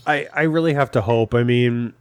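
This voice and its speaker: A man's voice: medium pitch, moderate pace, clear, resonant tone, no echo. A man with a New England accent, co-hosting a podcast in casual chat, earnest and a bit hesitant with fillers. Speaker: podcast co-host.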